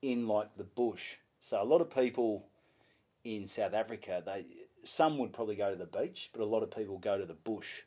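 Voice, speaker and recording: A young Australian man, a comedian, telling a story in a casual interview. He swears freely and acts out what people said in a louder voice. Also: lowish voice, moderate pace. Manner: animated, swears freely, acts out his own lines in a louder voice. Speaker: comedian guest.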